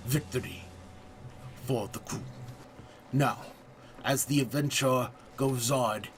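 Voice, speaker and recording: A man narrating a gameplay video in a playful, mock-grand style, putting on a deliberately bad French accent. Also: mid-range voice. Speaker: gaming channel host. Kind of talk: let's play voice-over commentary.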